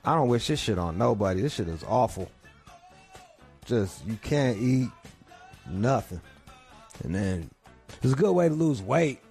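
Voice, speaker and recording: A man's voice: medium pitch, very animated, unhurried, gravelly, pauses often, a little mellow, soft background music. A man hosting a podcast from home, telling profane, rambling comic stories. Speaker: podcast host. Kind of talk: crude comedic rant. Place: home couch.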